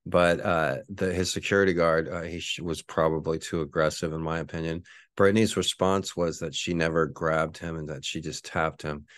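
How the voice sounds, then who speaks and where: Rambling, low-voiced podcast host man. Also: flat delivery, moderate pace, fairly bright tone, no room sound, clean studio sound. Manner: rambling, profane, frequent fillers and self-corrections. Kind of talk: casual monologue.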